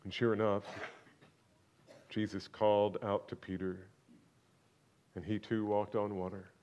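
Slow-talking preacher guy, goes from shouting to near whisper, kinda muffled lo-fi sound. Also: lowish voice, little pitch movement. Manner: swings from loud exclamations to hushed near-whispers. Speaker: pastor. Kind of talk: sermon.

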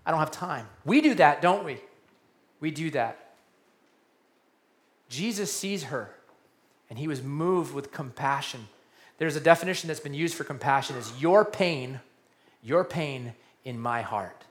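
A man preaching a sermon, animated, repeating key phrases and dropping to a hushed voice for emphasis. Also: fairly high pitch, measured pace, pauses often. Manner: animated preaching, repeats key lines, drops to quiet soft tones for emphasis. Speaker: pastor.

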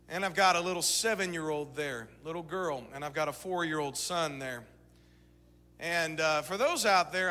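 A man in his thirties preaching a sermon, moving between shouted exhortation and quiet storytelling. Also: mid-range voice, a little hiss or hum. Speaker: pastor. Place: church sanctuary. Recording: church sanctuary reverb.

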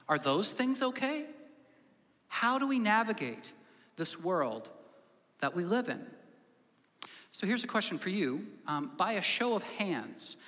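A man preaches to his congregation in a lively, storytelling sermon, slipping into the voices of the people in his story. His voice sits high and rings bright and forceful. The sound carries the long reverb of a church sanctuary. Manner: animated storyteller acting out characters. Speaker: pastor. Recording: hall reverb.

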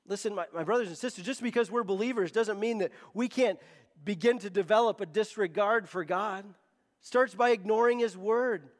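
A man's voice: high-pitched, brisk, long reverb tail. A man preaching a sermon as pastor, emphatic and often repeating words as he presses a point.

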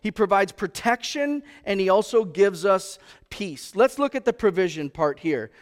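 A man with a fairly high voice preaches a sermon to a church congregation. He speaks conversationally and keeps asking the room questions. He slows right down when he quotes scripture. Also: expressive. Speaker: pastor.

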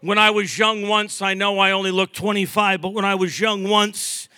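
A man's voice: sits high, flat delivery, moderate pace, sharp tone, no echo, clean studio sound. A man in his sixties from Massachusetts, a pastor preaching a sermon with emphatic rising bursts and joking asides.

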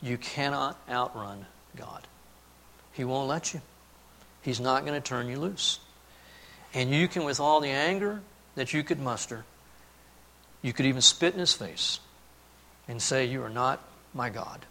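A man preaching a sermon, telling a family story and then speaking earnestly and softly about God's love. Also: medium pitch, unhurried, pauses often. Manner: storytelling, then earnest and hushed on key points. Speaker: pastor.

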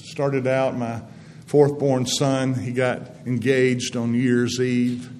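A man's voice: mid-range voice, little pitch movement, takes it slowly. A man in his sixties, a guest speaker giving a folksy, earnest testimony in a church setting. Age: 60s. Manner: folksy storytelling, gentle and earnest. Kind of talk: testimony-style sermon. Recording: long reverb in a hall, faint background noise.

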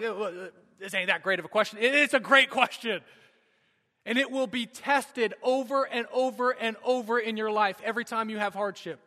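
A man in his thirties preaching a sermon and telling a personal story with dramatic shifts between urgent and hushed delivery. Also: high-pitched. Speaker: pastor. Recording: long hall reverb.

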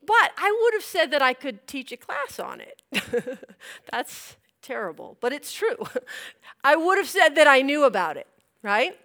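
Bright high-voiced woman telling a testimony. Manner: animated storytelling, acts out scenes. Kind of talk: testimony sermon.

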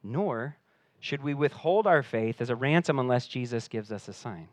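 A man preaching a sermon in an earnest voice that climbs for emphasis and sinks low and quiet. He often repeats words as he restarts a thought. His voice is of middle pitch, recorded dry and close. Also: lively intonation, normal speed, dry recording. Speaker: pastor.

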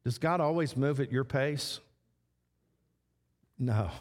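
A man preaching a sermon as pastor, slow and repetitive, stressing short phrases again and again. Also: mid-range voice. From Texas. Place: church sanctuary. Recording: long church hall reverb.

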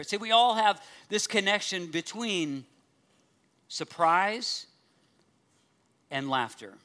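Man, pastor, high bright voice, humorous sermon, chatty delivery. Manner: humorous, conversational, acts out audience reactions.

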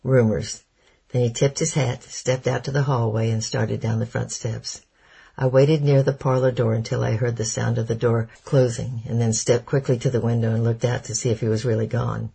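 A man narrating a chapter of an audiobook in a steady, measured storytelling manner. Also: mid-range voice, vocal fry, breathy edge. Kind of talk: scripted narration.

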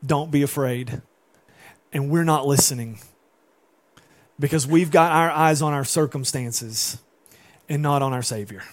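A man's voice: a little high, unhurried, long pauses. A male pastor preaching a sermon, moving between rising emphatic passages and conversational asides to the church.

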